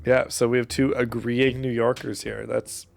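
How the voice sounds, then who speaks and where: American guy hosting a game stream, jokey and swearing a lot, low music playing. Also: level tone, normal speed, vocal fry. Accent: neutral American. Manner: joking, swears freely, laughs often. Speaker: game master. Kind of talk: casual banter on a stream.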